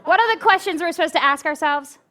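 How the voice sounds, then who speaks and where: A woman's voice: very high-pitched, fast talker, pushed and bright. A woman minister giving a casual talk to her congregation, giggly and playful, laughing between phrases. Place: spiritual center service before a live audience.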